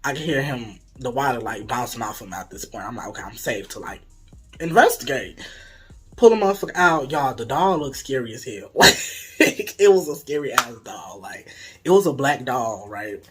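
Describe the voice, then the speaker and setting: A young adult vlogger telling a story to viewers in a casual, animated way, swearing freely and dropping into dramatic whispers. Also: mid-range voice, normal speed.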